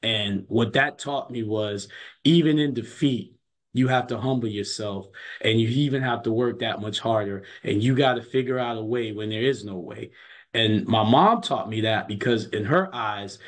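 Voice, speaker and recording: A basketball coach with a lowish voice tells stories at normal speed in a casual interview. He comes across as earnest and often repeats his words as he goes.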